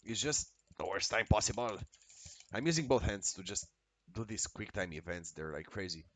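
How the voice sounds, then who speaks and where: A man streaming a video game, talking casually and excitably with lots of swearing and exclamations. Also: on the low side, normal speed. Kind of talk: casual live-stream commentary while playing.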